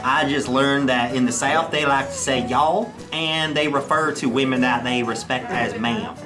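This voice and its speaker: A man's voice: mid-range voice, normal speed, over music, lightly acted. A man putting on an exaggerated Southern drawl for a comedy bit.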